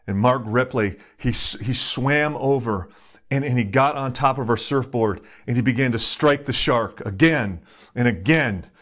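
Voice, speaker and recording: A man preaching a sermon in a conversational, emphatic way, telling stories with sudden jumps in pitch. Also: unhurried. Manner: animated, emphatic storytelling with sudden rises in pitch; conversational, with fillers and restarts. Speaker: pastor.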